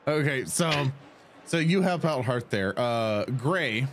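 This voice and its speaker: A man's voice: medium pitch, lively intonation, slow pace, slight background noise. A man running a tabletop game as game master, chatty and loose, laughing easily.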